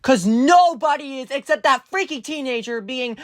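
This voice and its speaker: A woman doing reaction commentary in an exasperated, ranting way, her voice strained from yelling. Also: high-pitched, lively intonation, moderate pace, no echo, clean studio sound. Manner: exasperated, ranting, swings into outbursts. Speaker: commentary creator.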